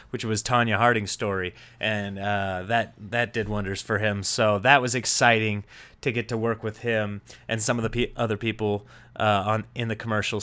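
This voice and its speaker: A man, a comedian, rambling casually through his own show, voice lowered by a cold, chatty and jokey, laughing at his own bits. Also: bright, forceful tone.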